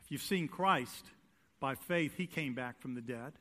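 A man preaching a sermon as pastor, swinging between loud emphatic declarations and hushed lines, and putting rhetorical questions to the congregation. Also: mid-range voice, a little slow. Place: church sanctuary.

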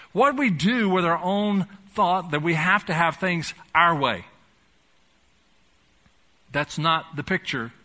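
An older man delivers a sermon from the pulpit, his voice bright and ringing. He works through rhetorical questions, swinging from loud, pressing lines down to hushed ones. His voice sits a little high for a man. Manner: preaching with rhetorical questions and wide swings in loudness. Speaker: pastor.

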